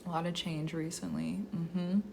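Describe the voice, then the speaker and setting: A woman's voice: fairly low pitch, level tone, creaky, a little hiss or hum. Effusive woman chatting on a live stream. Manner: effusive, gushing, laughs often; soft, slow invocation. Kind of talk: casual live-stream chat and reading.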